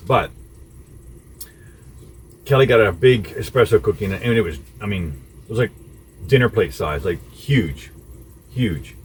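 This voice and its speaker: A man vlogging in a relaxed, easygoing way, recording outdoors on a city street. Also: fairly low pitch, a little slow, long pauses. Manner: easygoing, laughs at himself. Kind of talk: casual vlog chat. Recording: loud street and traffic noise.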